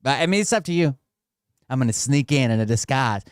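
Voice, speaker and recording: A man's voice: medium pitch, expressive, a little fast, clean tone, no room sound, clean studio sound. A man hosting a reaction commentary, talking casually and mocking the clips he plays with sarcasm and swearing. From Tennessee. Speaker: commentary channel host.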